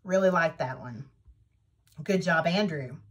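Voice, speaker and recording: A woman's voice: sits low, measured pace, a bit bright. A woman hosting a needlework vlog, chatting casually and enthusiastically as she shows off projects. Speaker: needlework vlogger. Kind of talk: casual show-and-tell chat.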